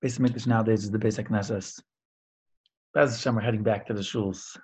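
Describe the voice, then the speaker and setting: A man teaching an informal spoken Torah lesson in a conversational, emphatic way, with his voice jumping high on key points. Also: fairly even intonation, a little fast, a little mellow, slightly rough. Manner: conversational with frequent fillers and restarts. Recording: dull lo-fi recording.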